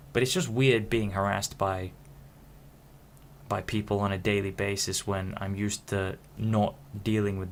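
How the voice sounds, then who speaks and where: There's slight background noise behind the lowish voice of a young vlogger from Hull, England. Frank and halting, he rambles to camera, often stopping mid-sentence to begin again.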